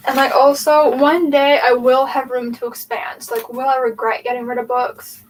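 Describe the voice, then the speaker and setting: Picked up by a distant mic with faint background noise, a high-voiced young booktube host rambles through a casual livestream while reorganizing the bookshelves in her room. She speaks at a moderate pace with little pitch movement, thinking aloud and saying "like" and "um" a lot.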